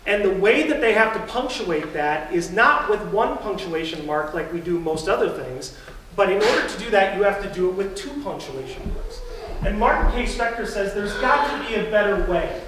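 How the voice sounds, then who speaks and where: A man's voice: high voice, animated, moderate pace, fairly bright tone, slight background noise. A man preaching a sermon as a pastor in a church, telling stories in a conversational way. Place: church sanctuary. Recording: very echoey church, distant mic.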